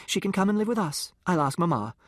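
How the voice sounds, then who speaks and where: A man voicing a sheltered, excitable upper-class young girl who talks in a breathless, well-spoken gush. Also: sits high, quick pace, no room sound, studio quality, pitched above the performer's own voice. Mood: earnest.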